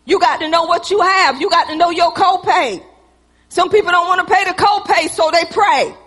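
A woman pastor preaches in a very high, bright voice. She stirs the congregation with call-and-response and slips into acted-out dialogue. Her voice rings with the long echo of a church hall. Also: normal speed. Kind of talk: sermon.

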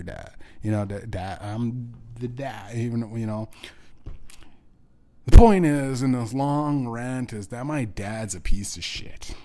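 A man hosting his own show, delivering a bitter, profane rant that swings between loud outbursts and low muttering. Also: normal speed. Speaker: podcast host. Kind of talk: angry personal rant.

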